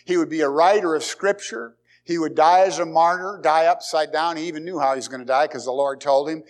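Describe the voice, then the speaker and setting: A man's voice: on the high side, fairly quick. A man preaching a sermon as pastor, emphatic, repeating key words and asking the congregation rhetorical questions.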